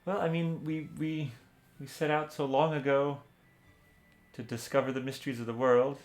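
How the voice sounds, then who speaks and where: A man voicing a wistful female adventurer who speaks in a hesitant, halting way. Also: medium pitch, little pitch movement, faint music behind, voice pushed up, close to an everyday voice. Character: wistful female adventurer, unsure of her future.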